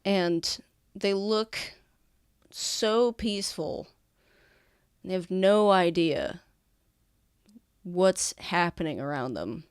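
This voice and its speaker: A woman's voice: on the low side, animated, drawn-out words, long pauses, clear, resonant tone, dry recording, clean studio sound. A woman narrating a tabletop game as game master, describing scenes with many fillers.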